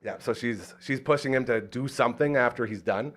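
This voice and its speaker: Animated man telling a story on a podcast. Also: a little fast. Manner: animated, acts out quotes in a high excited voice. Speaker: podcast host. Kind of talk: casual storytelling chat.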